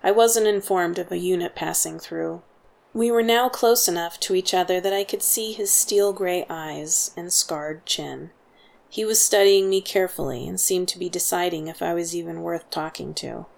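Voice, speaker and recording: A woman reading a first-person story as a steady audiobook narrator. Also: lowish voice, moderate pace, vocal fry.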